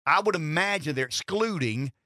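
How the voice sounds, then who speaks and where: A man hosting a talk radio show, talking in an animated way that often restarts and repeats words. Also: on the high side, moderate pace, no room sound, clean studio sound. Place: radio studio. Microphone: studio headset mic.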